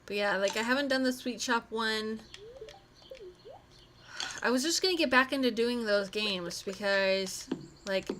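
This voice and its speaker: A woman's voice: on the high side, unhurried, pauses often, fairly bright tone, slight background noise. A young adult woman streaming a game live, chatting in a giggly, rambling way full of silly asides. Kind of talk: casual live-stream chat while gaming.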